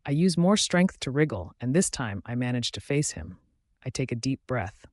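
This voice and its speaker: A man narrating a first-person fantasy romance audiobook in a steady storytelling voice. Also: medium pitch, normal speed, no room sound, studio quality.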